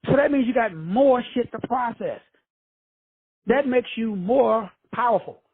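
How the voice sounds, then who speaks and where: Man preaching self-help, casual and profane, husky high voice, dry close sound. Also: dry recording, phone-quality sound. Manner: preachy, addresses listeners as brothers and sisters; casual, with frequent swearing. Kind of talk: motivational talk.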